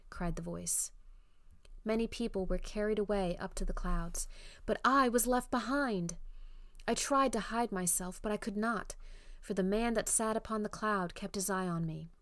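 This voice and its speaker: A woman's voice: mid-range voice, a bit bright, no room sound, clean studio sound. A woman voicing a trembling, frightened man who tells of a terrifying dream in a fearful, urgent way.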